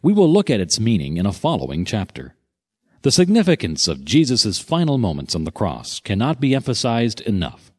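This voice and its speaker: A man narrating a scripted Bible teaching with dramatic, expressive storytelling. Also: fairly low pitch, moderate pace, slightly rough.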